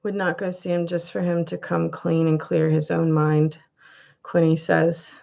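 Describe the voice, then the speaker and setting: Slow-talking woman chatting on a live stream. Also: deep voice, little pitch movement, gravelly, mellow. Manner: chatty, greets viewers by name, laughs often. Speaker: live-stream host reading viewer comments. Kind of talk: casual live chat.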